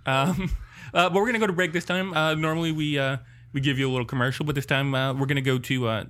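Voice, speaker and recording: A man hosting a comedy podcast, talking haltingly with many fillers. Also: on the high side, steady tone, a bit bright. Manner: halting, full of uhs. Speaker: podcast host. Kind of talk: casual chat.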